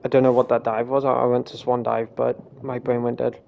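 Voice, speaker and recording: A man's voice: medium pitch, completely flat delivery, fairly quick, creaky, muffled recording, a little hiss or hum. A young man streaming a game, rambling casually with self-deprecating laughs. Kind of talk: casual live gameplay chat.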